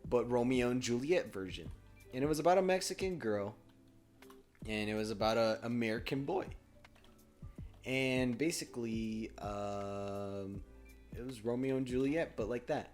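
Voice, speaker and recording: A man's voice: mid-range voice, a little slow, darkish tone, soft background music. A teenage boy co-hosting a podcast, rambling in casual chat with lots of fillers and swearing. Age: teens. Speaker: podcast co-host.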